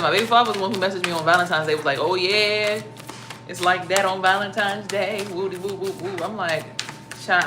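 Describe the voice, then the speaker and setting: A young woman telling a story to her viewers in a casual, profane and animated way, acting out her own startled reactions. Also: on the low side, background noise. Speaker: spiritual vlogger.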